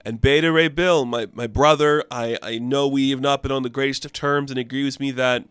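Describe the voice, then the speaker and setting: A man's voice: medium pitch, steady tone, normal speed, a bit bright, clean tone, dry recording, close to an everyday voice. A man voicing an earnest male thunder god who speaks formally.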